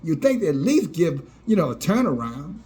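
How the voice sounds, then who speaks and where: A man's voice: a little high, sing-song, moderate pace, dark tone. A man preaching a fiery sermon, scornful and sarcastic, often laughing at those he criticizes.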